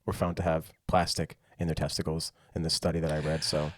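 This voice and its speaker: A man co-hosting a casual sports podcast, chatting in a quick, offhand way. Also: rumbling low, level tone, no room sound, clean studio sound. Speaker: podcast co-host.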